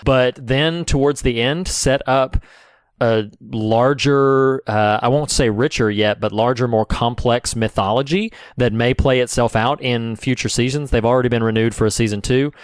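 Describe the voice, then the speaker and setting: A man's voice: medium pitch, normal speed, clear, resonant tone, no room sound, clean studio sound. A man co-hosting a podcast in casual chat, chatty and enthusiastic, laughing easily. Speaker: podcast co-host.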